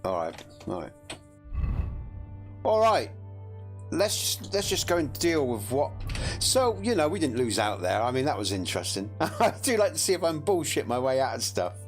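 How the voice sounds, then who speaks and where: A man's voice: medium pitch, wildly swooping pitch, moderate pace, faint music behind. A man giving casual gameplay commentary, chatty, laughing often and self-deprecating. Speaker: gameplay streamer.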